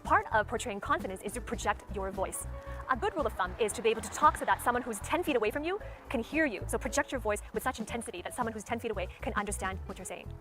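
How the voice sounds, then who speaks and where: Woman speaking coach, very fast talker, clear music bed underneath, methodical teaching delivery. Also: fairly high pitch, lively intonation. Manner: methodical, demonstrates stress and tone aloud. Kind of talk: instructional talk.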